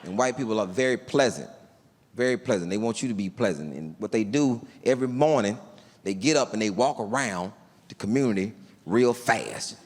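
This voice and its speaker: Male stand-up comic, animated storyteller, lively swinging pitch, long hall reverb, faint room hum. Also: moderate pace. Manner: animated storytelling with voiced quotes. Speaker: stand-up comedian. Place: large theater stage before a live audience.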